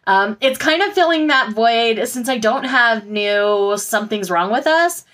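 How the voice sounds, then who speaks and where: A woman's voice: on the high side, expressive, a little slow, fairly bright tone. A woman vlogger chatting casually and gushingly about the books she just bought, with frequent fillers. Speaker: book vlogger. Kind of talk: casual haul chat.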